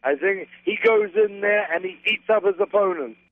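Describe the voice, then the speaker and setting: A man's voice: high voice, huge pitch swings, normal speed, vocal fry, no room sound. An older man from New Zealand with a New Zealand accent, a wrestler hamming it up in a boisterous promo-style phone interview. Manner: boisterous, hammy wrestling persona full of slang. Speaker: professional wrestler guest. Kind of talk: over-the-top wrestling promo banter. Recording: tinny dry phone line.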